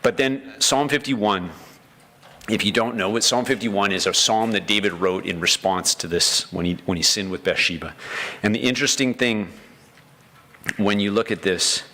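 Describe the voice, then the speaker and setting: A man's voice: on the low side, normal speed, sharp tone. A man preaching a sermon as pastor, earnest, acting out the prayers of the story with feeling.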